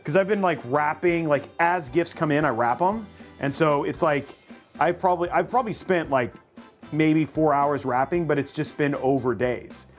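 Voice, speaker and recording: A man's voice: a little high, moderate pace, soft background music. A man hosting a livestream, chatting casually and thinking aloud while building a computer. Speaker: host.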